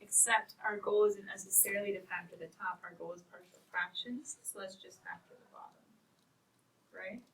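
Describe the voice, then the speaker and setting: Bright-voiced woman teaching a math class. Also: mid-range voice, fairly even intonation, normal speed. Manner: encouraging, playful, talks to equations as people. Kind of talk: classroom lecture. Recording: distant mic with faint noise.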